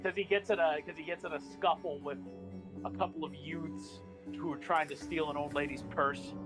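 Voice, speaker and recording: A man's voice: on the high side, fairly even intonation, normal speed, loud music behind the voice. A man chatting casually on a live stream, telling stories with laughs. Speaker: theater actor and co-host.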